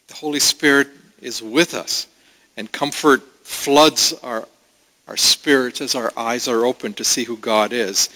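A pastor preaching a sermon in an earnest, pausing way, with restarts. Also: male voice, mid-range voice, fairly even intonation, sharp tone, long reverb tail, low-quality recording.

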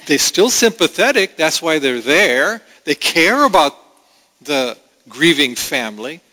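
A man's voice: on the high side, big pitch swings, measured pace, bright, forceful tone. A man preaching a sermon in an earnest, conversational way, with asides to the congregation. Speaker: pastor. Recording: long reverb of a large hall.

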